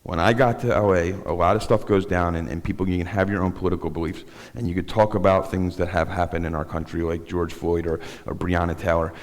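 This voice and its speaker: A middle-aged man with a very low, deep voice tells his own story from the front of a synagogue sanctuary. He talks in a rambling, halting way, restarting his sentences. His words ring out with a long reverb through the large hall. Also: steady tone. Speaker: guest speaker. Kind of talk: personal testimony talk.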